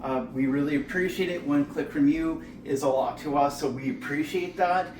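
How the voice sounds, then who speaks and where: A man's voice: on the high side, moderate pace. A man casually explaining a recipe as he cooks at home, chatting with a friend beside him. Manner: relaxed, chatty explaining while cooking. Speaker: home cooking channel host. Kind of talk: casual cooking demonstration. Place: home kitchen. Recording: echoey kitchen, distant mic, noisy. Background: pots, pans and dishes clattering.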